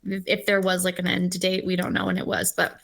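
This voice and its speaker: A woman's voice: fairly low pitch, completely flat delivery, fairly quick, vocal fry, fairly bright tone. Chatty woman telling band stories. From Los Angeles-based. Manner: talks with her mouth full; chatty, enthusiastic storytelling. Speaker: singer-songwriter guest. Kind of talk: casual interview chat.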